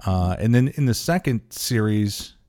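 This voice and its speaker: A man's voice: lowish voice, animated, a little slow, darkish tone. A man co-hosting a podcast in casual chat, rambling and hesitant with many restarts, laughing easily. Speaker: podcast co-host.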